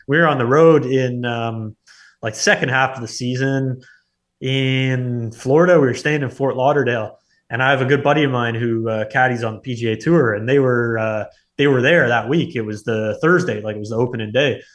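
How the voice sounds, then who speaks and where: A man in his thirties, a former hockey player, telling stories in a relaxed, rambling way, full of filler words. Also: mid-range voice, normal speed. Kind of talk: casual storytelling.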